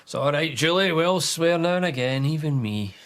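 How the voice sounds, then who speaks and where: A man's voice: a little high, lively intonation, fairly quick, fairly bright tone. An actor playing an eccentric, rambling middle-aged Scottish father who tells folksy stories. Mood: reassuring. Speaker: father in a sitcom.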